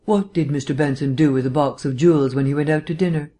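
An audiobook reader voicing an urbane, erudite gentleman detective who lectures in a polished, lightly teasing way. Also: medium pitch, steady tone, fast, natural voice. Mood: probing. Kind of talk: audiobook reading.

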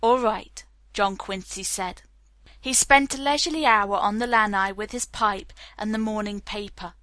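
A woman narrating a novel with even, unhurried storytelling, close to the mic. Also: medium pitch, dry recording. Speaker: audiobook narrator. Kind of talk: scripted narration.

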